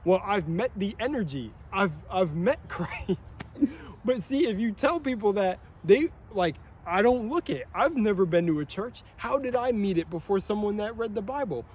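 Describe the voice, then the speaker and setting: A young man rambling in a monologue, excitable and swearing often, laughing between phrases. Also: high-pitched, moderate pace, slight background noise. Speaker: vlogger.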